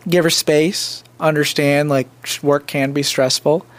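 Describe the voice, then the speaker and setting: A man's voice: a little high, fairly even intonation, unhurried. A young man co-hosting a podcast, chatting casually and hesitantly, with lots of fillers and restarts. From India. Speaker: podcast co-host. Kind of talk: casual chat.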